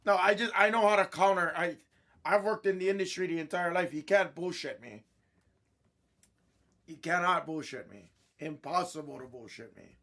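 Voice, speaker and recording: A man, a host of a card-breaking stream, telling a blunt, irritated story in casual chat, clearing his throat often. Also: sits high, moderate pace, sharp tone.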